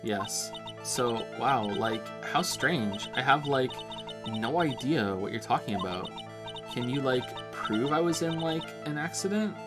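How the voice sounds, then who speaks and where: A man's voice: medium pitch, animated, measured pace, music in the background, lightly acted. A man voicing a ditzy young woman who talks in valley-girl style, acting innocent. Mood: evasive. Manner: valley-girl speech full of "like" and "totally".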